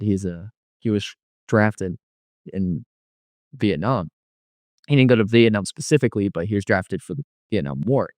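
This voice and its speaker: A man's voice: lowish voice, a little mellow, clean tone, no echo, studio quality. A man giving a personal testimony as an interview guest, rambling and filling his speech with frequent "you know.". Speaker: guest telling his life story.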